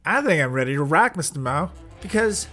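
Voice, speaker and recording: A man's voice: fairly high pitch, big pitch swings, brisk, pushed and bright, soft background music. A man co-hosting a comedy podcast, joking sarcastically and mock-seriously. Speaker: podcast co-host. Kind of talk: casual comedic banter.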